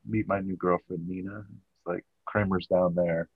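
A man's voice: low-pitched, fairly even intonation, moderate pace, husky, no echo. A man casually recapping a sitcom episode as a podcast host, rambling with many fillers. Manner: rambling, filler-heavy storytelling. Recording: dull, dry audio.

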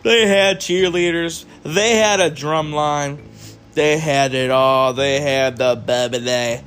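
A man's voice: on the high side, fairly even intonation, slow pace, a bit bright, faint music behind. A man hosting a solo podcast, talking casually and rambling to his listeners, sounding tired and yawning, with some swearing. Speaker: podcast host. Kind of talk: solo wrestling review podcast.

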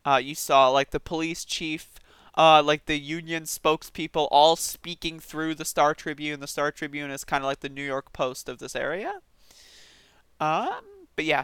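A man's voice: on the high side, pushed and bright, clear, resonant tone, dry recording. A man giving casual, sarcastic news commentary, reading articles aloud and reacting with disbelief. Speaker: political commentary streamer.

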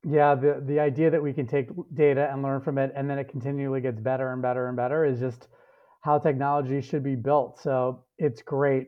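A man's voice: mid-range voice, level tone, a little fast. A man hosting an interview podcast, enthusiastic and asking follow-up questions. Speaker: podcast host. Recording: tinny phone-like call audio.

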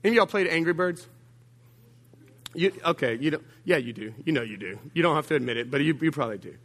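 A man preaching a sermon to his congregation in a slightly high voice. He tells stories with humour, jumps suddenly in pitch and loudness, and calls out to his listeners. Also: quick pace. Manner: humorous, animated storytelling with big swings of pitch and volume; addresses the congregation directly with call-outs. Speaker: pastor.

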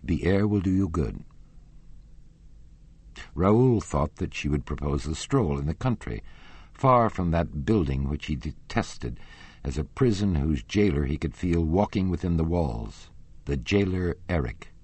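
A man reading a classic novel aloud as an audiobook narrator, measured and expressive, softening his voice for quoted lines. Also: extremely low pitch, slightly rough, no echo.

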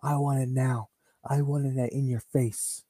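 A man's voice: medium pitch, level tone, measured pace, dark tone, no room sound, close to an everyday voice. A man voicing a brash wrestler who insists on getting what he was promised. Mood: demanding. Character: brash demanding male wrestler.

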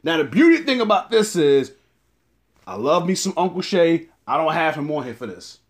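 Dude with a high voice running a sports show, slangy and hyped, pitch jumping all over. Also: male voice, moderate pace. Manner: animated, slangy, hyped-up delivery. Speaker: sports podcast host. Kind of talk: casual sports talk.

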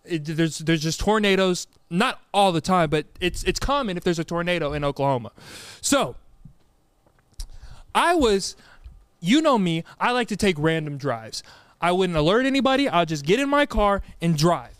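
A man's voice: sits high, sing-song, moderate pace, clear, resonant tone, no echo. A young man telling a story in casual chat, acting out quoted lines and laughing often.

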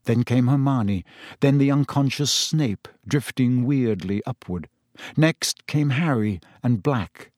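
Brief: male audiobook narrator, mid-pitched, measured, close and bone-dry. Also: a little mellow, no room sound. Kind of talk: scripted narration.

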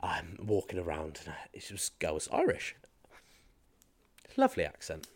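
A man's voice: deep voice, normal speed, a little hiss or hum. A man, a fitness and mindset coach, chatting casually as a podcast guest and telling stories animatedly, slipping into other people's accents. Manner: animated storyteller who slips into mimicking accents.

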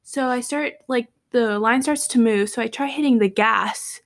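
A young adult woman chatting with a friend, telling a long, animated story full of fillers. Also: a little high, normal speed, dry recording. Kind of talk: casual chat between friends.

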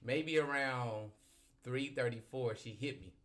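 A man hosting a podcast, telling a story in casual chat, animated and profane and often laughing. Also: mid-range voice, a little slow. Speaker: podcast host.

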